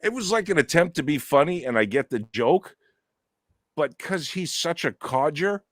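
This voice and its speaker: A man's voice: on the high side, expressive, moderate pace, a bit bright, no room sound, studio quality. A man co-hosting a casual podcast chat, cracking crude, self-mocking jokes. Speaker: podcast co-host.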